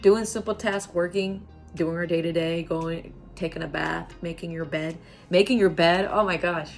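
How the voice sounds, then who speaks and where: Woman, middle-aged, low gravelly voice, earnest motivational monologue, repeats phrases. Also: flat delivery, moderate pace, faint music behind. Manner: earnest, repeats phrases for emphasis, drops to soft whispers. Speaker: self-help vlogger.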